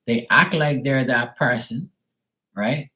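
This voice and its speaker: A man's voice: mid-range voice, slow pace, sharp tone. A man who reads tarot, ranting casually and bluntly on a live stream, swearing freely. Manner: profane, exasperated, blunt. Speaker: tarot reader.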